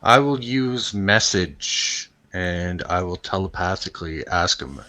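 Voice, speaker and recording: A man's voice: sits low, expressive, takes it slowly, pushed and bright. A man playing in a tabletop game, speaking plainly about his actions. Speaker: player.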